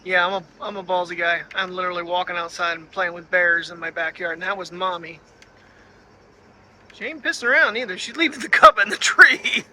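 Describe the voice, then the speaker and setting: A man's voice: high voice, fairly quick, bright, forceful tone, a little hiss or hum. A man talking casually to his camera at home about his sick dog, rambling and worried, filmed on a handheld gimbal with a wireless mic. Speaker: daily vlogger. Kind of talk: casual vlog talk to camera. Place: home and backyard at night.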